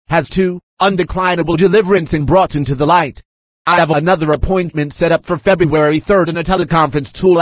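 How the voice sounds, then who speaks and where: Husky-voiced man reading a message aloud. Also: a little high, no echo. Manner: reads punctuation and spellings aloud, dictation-like; aggrieved, insistent.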